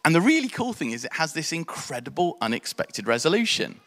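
A man, preaching a sermon in an animated storytelling way. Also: on the high side, brisk, big-room sound. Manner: animated storytelling, acts out quotes in voices.

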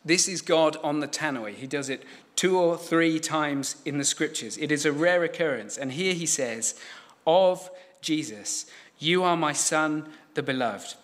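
A man delivers a sermon in a fairly high voice. He preaches in a measured, emphatic way and leans on repeated phrases to drive each point home.

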